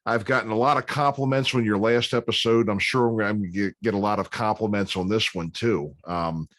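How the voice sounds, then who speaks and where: A man's voice: lowish voice, fairly even intonation, fairly quick, a bit bright, dry recording, clean studio sound. A man in his fifties hosting a casual interview, easygoing and rambling with many fillers. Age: 50s. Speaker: podcast host.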